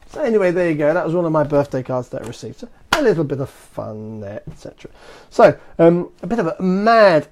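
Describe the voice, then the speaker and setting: A man's voice: high-pitched, darkish tone. Chatty man rambling on a live stream. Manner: rambling and chatty, full of fillers and restarts. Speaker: marketing agency host of a live stream. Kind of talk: casual live-stream chat. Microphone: phone.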